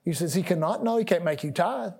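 Pastor guy preaching, asks the crowd stuff, repeats himself a lot, swings loud then soft. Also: high-pitched, fairly quick, creaky, breathy edge. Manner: animated preaching with call-and-response questions; repeats and restarts words, rising and dropping loudness. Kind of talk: sermon.

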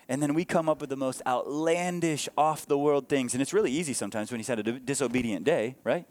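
A man pastor preaching a sermon with earnest emphasis, moving between raised passages and hushed ones, with conversational asides to the congregation. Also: medium pitch, quick pace, hardly any pauses, no room sound.

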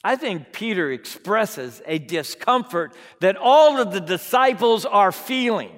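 A man delivers a sermon in a high voice, taking his time over each phrase. He swings from quiet, drawn-out lines to loud, forceful ones. The sound carries a long reverb, as if he is speaking in a large hall. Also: lively intonation. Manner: dramatic, swings from hushed to loud. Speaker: preacher.

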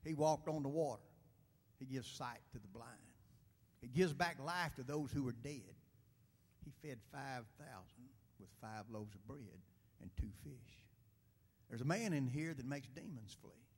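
A man dramatically reciting a poem in church, swinging from loud declarations to hushed whispers. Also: mid-range voice, animated, unhurried, husky.

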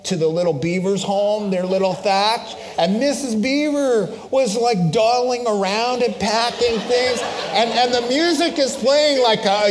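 A middle-aged male pastor preaching a sermon, telling a personal story in an animated way and acting out voices before turning to solemn preaching. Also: high voice, unhurried, hardly any pauses, a little hiss or hum.

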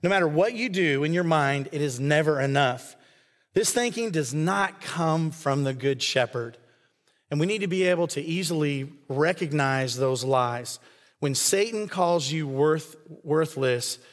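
A male pastor preaches a sermon at a measured pace, earnest and conversational, slipping into the voices of people he quotes. His voice sits a little high for a man, and the long reverb of a large hall rings around him.

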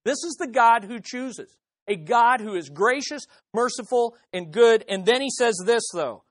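A woman's voice: on the high side, expressive, a little slow, no room sound. A woman preaching a sermon, putting rhetorical questions to the audience with emphasis.

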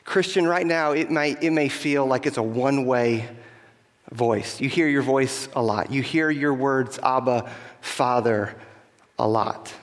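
A man's voice: mid-range voice, a little slow. A middle-aged man preaches to his congregation, earnest and direct, asking questions and leaning hard on key phrases. His voice sits mid-range for a man and carries a long reverb from the large church room around him. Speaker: pastor. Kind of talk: sermon. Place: church sanctuary.

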